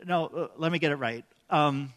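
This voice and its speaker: A man's voice: fairly high pitch, normal speed, a bit bright, big-room sound. A man preaching a sermon in a conversational way, often asking the congregation questions. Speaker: pastor.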